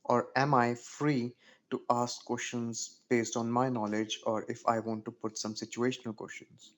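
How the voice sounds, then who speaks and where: A trainee in an online meeting asks his questions in a mid-pitched voice. He is polite and careful, apologizing and restating things to be understood. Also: level tone, measured pace. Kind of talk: casual meeting talk.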